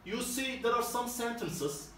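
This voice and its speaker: Man, English teacher, high voice, slow step-by-step explanations, echoey room, far from the mic. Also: animated, a bit bright, a little hiss or hum. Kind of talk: classroom lesson explanation.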